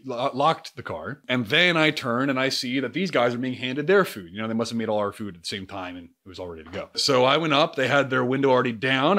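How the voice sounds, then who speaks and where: A young man telling a story in a casual vlog, energetic and profane. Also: mid-range voice. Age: young adult. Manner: energetic, profane, swings into loud outbursts. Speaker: YouTuber.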